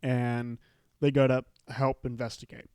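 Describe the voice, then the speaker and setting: Man, host, casual solo chat, medium pitch, dry close sound, rambling recap. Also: level tone, a little slow, darkish tone, clear, resonant tone, no echo. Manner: chatty, retelling scenes in loose paraphrase with fillers. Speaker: podcast host.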